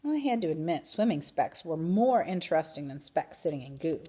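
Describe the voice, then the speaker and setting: A woman reading a children's book aloud in an expressive, animated way. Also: deep voice, moderate pace, husky. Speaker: reader. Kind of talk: storybook read-aloud.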